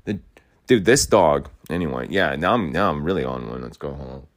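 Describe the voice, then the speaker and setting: A young man with a low, deep voice talks in a loose, rambling rant. He swears often, circles back to the same complaints and repeats himself, moving in and out of his rural home as he talks. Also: lively intonation, normal speed. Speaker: podcast host. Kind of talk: rambling casual monologue.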